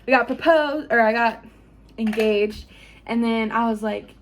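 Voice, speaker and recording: A woman's voice: on the high side, unhurried, a little hiss or hum. Young woman vlogging from home, chatty and gushy, lots of likes. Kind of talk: casual storytelling to camera.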